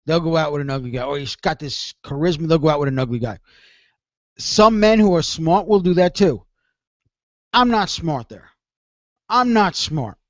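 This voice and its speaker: A man's voice: fairly high pitch, moderate pace, pauses often, dry recording, muffled recording. A man hosting a call-in radio show, talking in a rambling, self-deprecating way and often repeating himself. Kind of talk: confessional call-in radio monologue.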